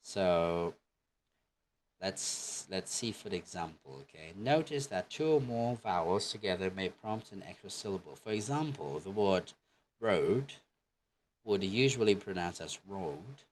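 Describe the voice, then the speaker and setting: A man's voice: sits low, slight background noise. A man teaching English pronunciation in an online lesson, patiently repeating example phrases for learners to say back. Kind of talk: online language lesson with repeat-after-me drills.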